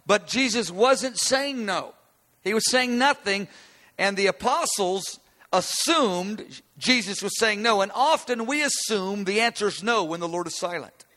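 Bright-voiced preacher man in a reverberant hall. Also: sits high, lively intonation, unhurried. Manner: conversational Bible teaching with restarts. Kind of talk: sermon.

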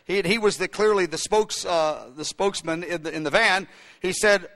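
A man's voice: high-pitched, normal speed, a bit bright. A man preaching a sermon, telling a story with many fillers and restarts. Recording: long hall reverb.

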